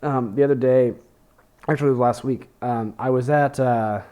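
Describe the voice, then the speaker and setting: Young man, podcast host, rambling, profane, mid-pitched voice. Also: fairly even intonation, moderate pace, dark tone, smooth. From Texas. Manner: rambling, profane, self-deprecating, many fillers and restarts. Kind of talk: casual monologue.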